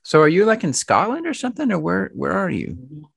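Low gravelly host guy, lively up and down, curious quick questions. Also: no echo, studio quality. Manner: curious, short prompting questions. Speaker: interview host. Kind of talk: casual interview chat.

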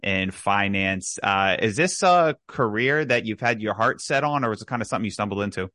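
A woman hosting a podcast interview, asking halting questions with frequent restarts. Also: very deep voice, lively intonation, a bit bright, no room sound, clean studio sound. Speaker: podcast host. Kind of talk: casual interview.

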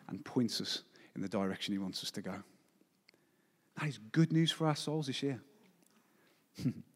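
A pastor of forty delivers a sermon at a church service, stressing his points and often asking the congregation rhetorical questions. His medium-pitched voice is a little mellow, trailing off into a long reverb.

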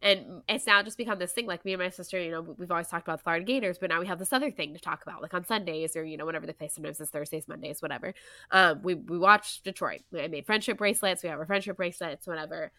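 Bright-voiced chatty young woman, lilt. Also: fairly low pitch, racing, no room sound. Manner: chatty and animated, many "like" and "you know" fillers. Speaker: podcast co-host. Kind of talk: casual chat.

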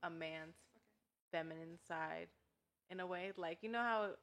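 A woman's voice: fairly low pitch, a little slow, a bit bright. A woman on a podcast panel, hesitantly searching for her words. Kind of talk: casual group chat.

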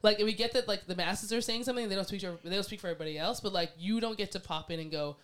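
A woman talking in a casual chat, animated, acting out quoted voices and laughing often. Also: mid-range voice, racing.

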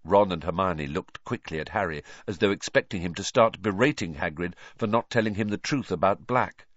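Low guy narrating an audiobook, lively pitch, kinda dull dry recording. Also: no echo. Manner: measured storytelling, voicing each character. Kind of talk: scripted narration.

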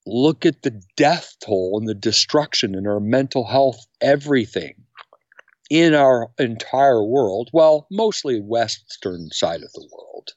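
A middle-aged man speaking as a podcast guest, energetic and acting out quotes with big jumps in pitch. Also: slow, no echo. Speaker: podcast guest, camp founder. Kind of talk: animated interview talk. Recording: dry, slightly dull sound.

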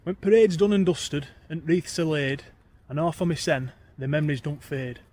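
A man's voice: fairly high pitch, moderate pace, darkish tone. Yorkshireman reciting rhyming verse. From Yorkshire, England. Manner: lilting rhythmic recitation, broad dialect. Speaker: guest poet. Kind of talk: reciting rhyming dialect poems.

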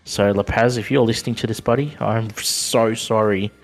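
Hesitant man, lowish voice. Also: fairly even intonation, moderate pace. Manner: hesitant, many restarts and ums. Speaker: podcast co-host. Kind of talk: casual podcast chat.

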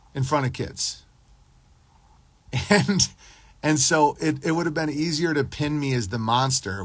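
A man's voice: medium pitch, a bit bright, no echo. A man hosting a casual livestream podcast, ranting in a crude, profane, rambling and boastful way while answering his live chat.

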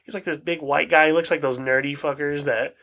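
A man's voice: a little high, fairly even intonation, a little fast, pushed and bright. A young man hosting a podcast, telling stories in casual, profane, slang-filled chat. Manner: slangy, profane, laid-back storytelling. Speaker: podcast host.

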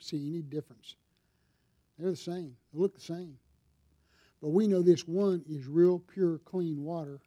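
A man's voice: on the high side, mellow. A middle-aged man pastor preaching a sermon in a church, talking casually with the congregation and asking them questions. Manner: conversational preaching with audience questions and props. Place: church sanctuary.

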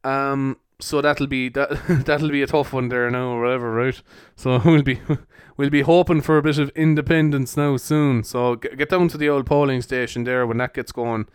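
A man's voice: medium pitch, fairly even intonation, moderate pace, few pauses, clean tone, no echo, clean studio sound. A young man from Cork with a Cork Irish accent, hosting a solo podcast in a jokey, rambling way and swearing casually. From Cork, Ireland. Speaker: podcast host.

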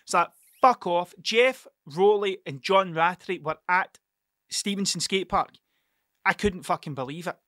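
A Scottish man in his thirties with an Ayrshire accent tells a long, digressive story full of swearing and restarts. His voice sits fairly high and sounds bright and edgy. The recording is close and dry, with no room sound. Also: a little slow, no room sound. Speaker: podcast host. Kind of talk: rambling solo storytelling.

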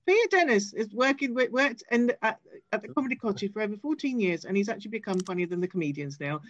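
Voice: mid-range voice, expressive, fast talker, fairly bright tone, muffled recording. A chatty, giggly host who stumbles over words while leading a casual group chat on a video call.

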